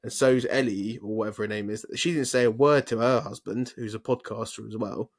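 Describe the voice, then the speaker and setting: A man's voice: medium pitch, fairly even intonation, a little fast. Ranting podcast co-host, a man. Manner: swears freely, rants on tangents. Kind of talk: casual chat.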